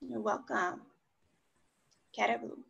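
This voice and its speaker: A woman's voice: fairly high pitch, takes it slowly, gravelly, a bit bright, slightly rough, muffled recording. A woman leading an online group language lesson over a video call, encouraging the group and spelling words out letter by letter. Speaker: study group facilitator.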